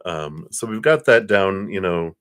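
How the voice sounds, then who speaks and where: A man giving a live-stream tarot reading. He talks in a relaxed way, laughs often and thanks viewers by name. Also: sits low, measured pace, clear, resonant tone. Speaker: tarot card reader.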